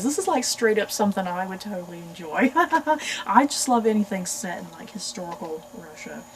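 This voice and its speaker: A woman's voice: medium pitch, expressive, brisk, recorded from a distance, a little hiss or hum, low-quality recording. A woman hosting a book channel, reading blurbs aloud and gushing to viewers about upcoming releases. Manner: enthusiastic, gushing, addresses viewers. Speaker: book reviewer. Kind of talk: casual book chat with read-aloud blurbs.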